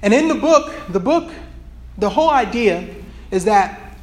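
A man's voice: sits high, lively intonation, fairly quick. A man preaching in a loose, rambling way, with many restarts, before reading from a book. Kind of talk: sermon with read excerpt.

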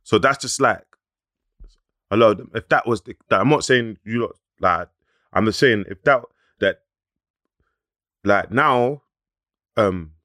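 A man hosting a casual podcast chat, halting, with many fillers and slang. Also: on the low side, sharp tone, no room sound, studio quality. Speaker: podcast host.

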